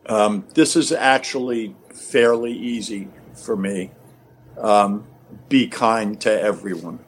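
A man chatting as a podcast guest, telling animated stories with frequent laughter. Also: lowish voice, takes it slowly, slight background noise. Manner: animated storyteller, laughs often. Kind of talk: casual chat.

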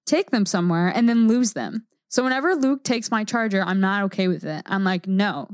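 A woman's voice: medium pitch, animated, brisk, dry recording, studio quality. A young woman co-hosting a family podcast, bantering with mock outrage and frequent laughter. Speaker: podcast co-host.

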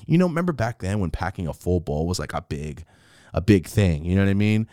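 Man, low voice, lively swooping delivery, casual profane storytelling, dry close sound. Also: fairly quick, dry recording. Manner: animated, profane, acts out the quotes.

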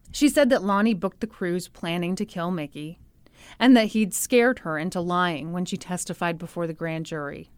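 A woman's voice: fairly low pitch, clear, resonant tone, no echo. A woman podcast host telling a story with sarcastic humor and frequent laughter. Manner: sarcastic, animated, laughs often. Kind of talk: comedic storytelling.

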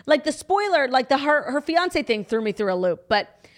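A woman's voice: sits high, big pitch swings, moderate pace. A woman co-hosting a podcast, talking frankly and animatedly in casual chat, with casual swearing. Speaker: podcast co-host.

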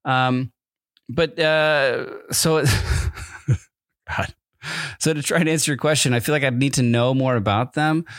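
A man talks through a laid-back podcast segment with wry, amused asides, trailing off and restarting his thoughts. His voice sits at an ordinary middle pitch. The sound is close and dry, with no room around it. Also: takes it slowly, pauses often, dry recording. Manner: rambling, hesitant, many fillers and restarts. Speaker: podcast co-host. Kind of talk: casual chat.

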